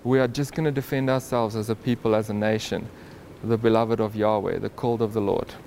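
A man retells a Bible story in an informal, animated way, chuckling now and then and often restarting his sentences. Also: lowish voice, brisk, vocal fry, slight background noise. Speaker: Bible teacher.

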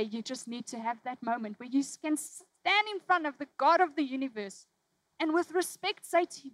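A woman preaching a sermon, telling a personal story with emotion, dropping from loud, urgent lines to hushed ones. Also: sits high, expressive, moderate pace, no room sound, poor audio.

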